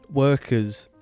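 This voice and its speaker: A man's voice: medium pitch, a little mellow. A man co-hosting a comedy podcast, rambling in a mock-serious way with many fillers. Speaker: podcast co-host. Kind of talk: casual comedy podcast chat.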